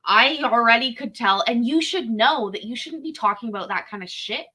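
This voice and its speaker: A woman reacts to a court show clip on her live stream, offering chatty, rambling commentary and swearing without restraint. She speaks at normal speed in an animated, pushed and bright voice on the high side with a breathy edge.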